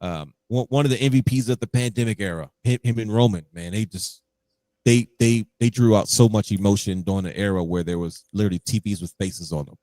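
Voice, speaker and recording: A man's voice: on the low side, brisk, mellow, no echo. A man co-hosting a podcast in casual chat, telling stories animatedly and acting out his own reactions. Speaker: podcast co-host.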